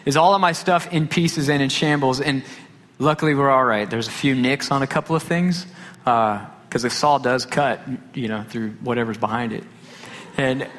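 Man preaching in a reverberant hall. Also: mid-range voice. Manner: storytelling, animated retelling with quoted dialogue. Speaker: pastor. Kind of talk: sermon.

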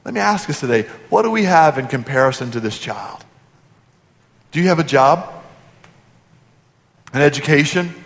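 A man preaching a sermon, his voice sitting fairly high for a man. He poses question after question to the congregation and sinks to a hushed tone on key points. The sound rings out with long reverb, as in a church sanctuary. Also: animated, moderate pace, long pauses. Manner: preaching with rhetorical questions, dropping to quiet emphasis. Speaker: pastor.

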